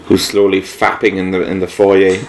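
A man joking his way through a video game with a friend, sarcastic and quick to laugh. His voice sits a little low. A faint noise runs under the recording. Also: level tone. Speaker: co-host of a game playthrough. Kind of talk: casual let's-play commentary.

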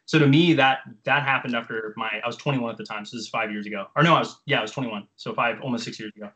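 Fast-talking bright-voiced young man. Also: mid-range voice, rough recording. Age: 20s. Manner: animated, profane, filler-heavy. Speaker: jump training coach. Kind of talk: casual storytelling.

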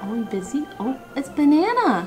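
A woman's voice: sits high, very animated, moderate pace, a little mellow, faint music behind. A woman casually chatting on camera, gushing in baby talk to a pet and laughing often. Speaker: video creator. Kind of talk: casual chat.

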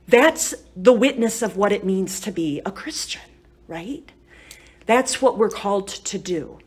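A woman's voice: medium pitch, lively intonation, a little slow, a little mellow, breathy edge. Woman chatting through a retreat talk. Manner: conversational, chatty storytelling with frequent "you know" and "right?". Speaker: retreat speaker. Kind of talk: live retreat talk to a group.

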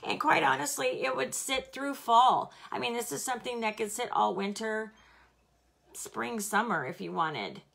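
A chatty, bubbly woman giving a live product demo, slightly hoarse from hollering and laughing often. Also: on the high side, moderate pace, a bit bright. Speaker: home fragrance seller.

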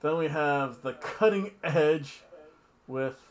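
A man's voice: on the high side, slow pace. A man hosting a casual wrestling review, talking in a rambling, offhand, jokey way with asides. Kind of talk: casual wrestling recap chat.

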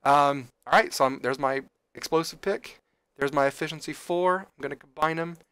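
Excitable man narrating his game. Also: fairly high pitch, normal speed, clean tone. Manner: excitable, chatty, exclaims and laughs often. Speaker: gaming channel host. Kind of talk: casual game commentary.

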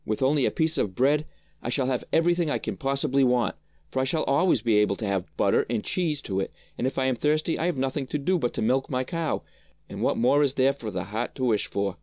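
A man's voice: medium pitch, lively intonation, brisk, no echo, studio quality, close to an everyday voice. A man voicing Hans, a cheerful, simple-minded young man, in a storybook reading, with an eager, raised voice. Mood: naive, delighted.

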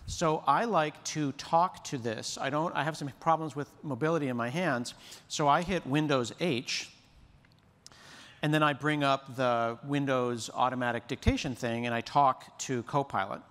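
A man's voice: mid-range voice, moderate pace, fairly bright tone. A man giving a chatty, enthusiastic demo talk on a conference stage. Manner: chatty, self-described yapper. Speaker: presenter. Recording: long hall reverb.

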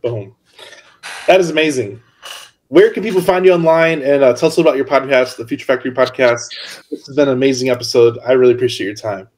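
A man's voice: medium pitch, fast, darkish tone. A man hosting a podcast who reacts to his guest with enthusiasm and wraps up the episode. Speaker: podcast host. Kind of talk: casual podcast interview.

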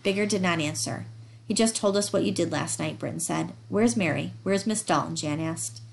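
A woman reads a novel aloud in a steady, dramatic way. Her voice sits a little low and has a gravelly edge. She gives the characters light voices of their own. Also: moderate pace, a little hiss or hum. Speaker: audiobook reader.

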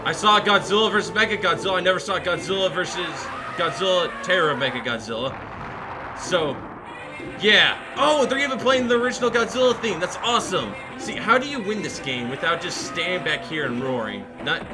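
An excitable man narrates a video game run in a high, animated voice with wide swings in pitch. He shouts and chants goofy repeated phrases as he plays. Loud game music runs underneath him. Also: a little fast. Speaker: gaming video host. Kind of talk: let's play commentary.

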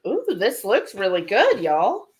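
A woman's voice: mid-range voice, huge pitch swings, measured pace. A woman hosting a cooking livestream, chatting casually and reading viewer comments aloud.

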